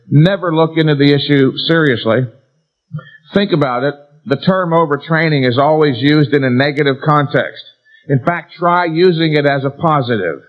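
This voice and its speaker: A man lecturing a seminar audience in a fairly high voice, hammering on key words and posing questions he then answers himself. The sound is dull and lo-fi, like an old 1990s tape of a live talk. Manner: emphatic, asks and answers rhetorical questions, stresses key words. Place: seminar room before an audience.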